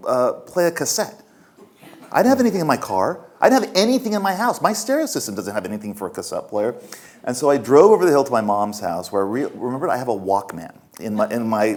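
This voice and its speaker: A man in his fifties, an author answering audience questions at a festival with frank, self-mocking stories. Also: medium pitch. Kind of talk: candid storytelling at a festival Q&A. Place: festival stage before an audience.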